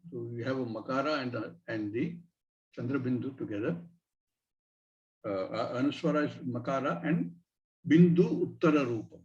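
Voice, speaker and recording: A man teaching a scripture class. He explains each point slowly and in a measured way, and recites Sanskrit syllables as he goes. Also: mid-range voice, far from the mic. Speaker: Vedanta teacher. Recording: dull lo-fi recording.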